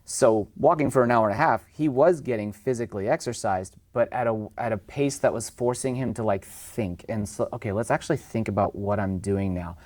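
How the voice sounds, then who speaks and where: A man's voice: lowish voice, fairly quick, hardly any pauses, a little mellow, dry recording. A man speaking as a dog trainer guest in a casual podcast conversation, chatty, acting out owners and dogs in raised voices.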